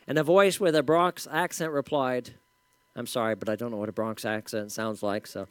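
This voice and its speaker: A pastor preaching a sermon in a conversational, storytelling way with casual asides. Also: male voice, medium pitch, normal speed, smooth, no room sound.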